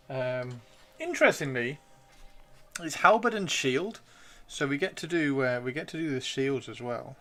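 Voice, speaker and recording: A man live streaming as he builds miniatures, excitable and rambling, talking to himself and to chat. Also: fairly high pitch, moderate pace.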